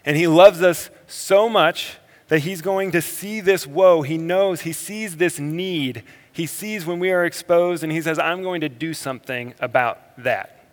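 A male pastor preaches with a slightly high voice that carries a long reverb tail, as in a church sanctuary. He pushes hard on his key points, then drops into quiet, slow reflection. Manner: swings between energetic emphasis and quiet, slow reflection. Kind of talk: sermon.

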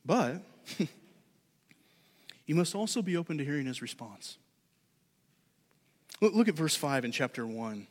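A man's voice: on the high side, slow, long pauses. Man preaching in an echoing church. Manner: conversational, animated preaching with shifting loudness. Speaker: pastor. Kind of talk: sermon. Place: church sanctuary. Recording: long hall reverb.

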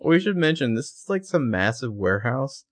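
A man co-hosting a casual recap podcast, telling the scenes with lively energy and casual swearing. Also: mid-range voice, normal speed. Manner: animated, acts out quotes, swears casually. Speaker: podcast co-host. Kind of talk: casual chat recapping a show.

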